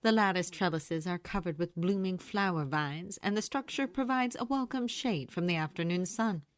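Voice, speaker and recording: A woman reading fanfiction aloud in an animated storytelling manner, close to the microphone. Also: fairly low pitch, normal speed, no echo. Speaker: audiobook reader. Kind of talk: fanfiction narration.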